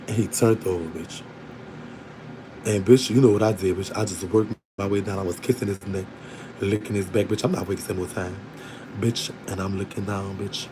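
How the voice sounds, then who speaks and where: A man telling a candid personal story to his online audience in a casual, animated way, often breaking into laughter. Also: lowish voice, normal speed, slight background noise, low-quality recording. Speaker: storytelling vlogger.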